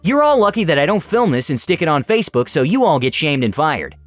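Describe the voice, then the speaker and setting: A man voicing a loud, rude woman customer who makes shrill demands. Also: very animated, quick pace, dry recording, faint music behind. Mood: demanding.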